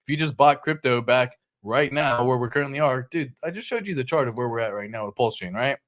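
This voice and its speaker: A man hosting a casual crypto show, talking over charts in an excitable, slangy way. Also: mid-range voice, a little fast. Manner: excitable, chatty, slangy, laughs often. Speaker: crypto channel host.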